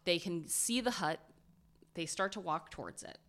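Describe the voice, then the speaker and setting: A woman casually retelling a survival story to her co-host, animated and dropping to a hush at tense moments. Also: fairly low pitch, moderate pace.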